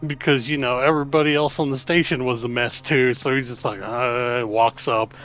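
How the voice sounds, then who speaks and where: A man's voice: mid-range voice, fairly even intonation, normal speed, fairly bright tone, faint music behind. Laid-back male player, muffled mic. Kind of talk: casual table talk.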